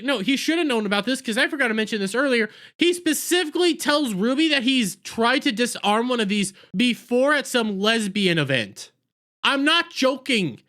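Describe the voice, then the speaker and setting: A man giving an exasperated, sarcastic review, retelling scenes with loud outbursts and put-on quotes. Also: very high-pitched. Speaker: video reviewer. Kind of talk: ranting video review.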